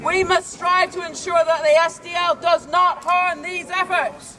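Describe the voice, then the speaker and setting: A man with a very high, bright voice reads out a statement at a rally. His delivery is earnest and formal. A faint crowd can be heard behind him. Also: flat delivery, unhurried. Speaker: rally speaker. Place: outdoors on a city street.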